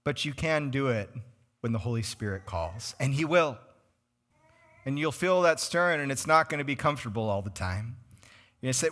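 Bright-voiced animated male pastor. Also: mid-range voice, fairly quick. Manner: conversational and animated, names congregants, acts out quoted voices. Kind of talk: sermon. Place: church sanctuary.

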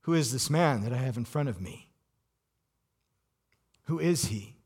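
An actor playing an anxious Roman governor in a dramatic first-person monologue, intense and full of rhetorical questions. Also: male voice, medium pitch, lively intonation, unhurried, darkish tone, breathy edge. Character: anxious Roman governor, a cornered middle-aged man.

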